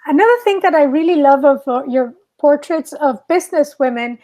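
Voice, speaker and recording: High-voiced woman interviewer. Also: fairly quick, mellow. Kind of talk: casual interview talk.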